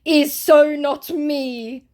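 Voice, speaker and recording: Whiny, wounded scammer man put on by a woman, high and drawn-out, begging in broken English. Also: big pitch swings, a little mellow. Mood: pleading. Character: pleading, self-pitying male online scammer.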